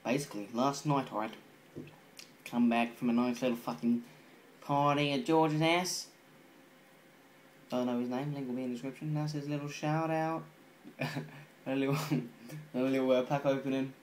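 A man's voice: medium pitch, fairly even intonation, moderate pace, long pauses, a little hiss or hum. Rambling, foul-mouthed male vlogger. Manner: swears constantly, loose and rambling. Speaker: gaming channel vlogger. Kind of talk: rambling casual vlog.

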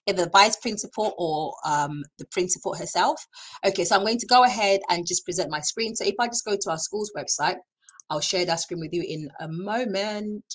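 Speaking into a computer mic, a school staff presenter hosts an online session in a lowish voice, and the recording quality is low. She is chatty and encouraging, with plenty of fillers.

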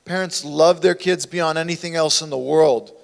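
A man preaching a sermon as a pastor, with impassioned delivery that swings from hushed to loud. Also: fairly high pitch, steady tone, moderate pace, creaky. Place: church sanctuary. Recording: long hall reverb in a church.

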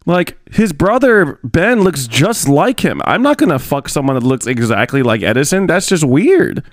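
Bemused young man streaming, lively. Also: on the high side, moderate pace, no echo, studio quality. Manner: bemused, rambling, talks to chat. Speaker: streamer reacting to a video. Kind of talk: casual stream commentary.

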